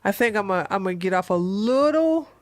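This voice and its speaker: A woman's voice: mid-range voice, animated, brisk, no echo. A woman hosting a livestream, chatting casually in a rambling way, laughing often and answering viewer comments. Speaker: livestream host.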